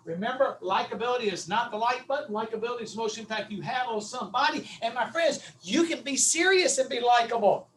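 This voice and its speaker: A middle-aged man with a Southern US accent giving a folksy, animated webinar lecture, calling his audience his friends. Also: extremely high pitch, quick pace, few pauses, distant mic, slight background noise, low-quality recording. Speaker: webinar speaker on vocal delivery.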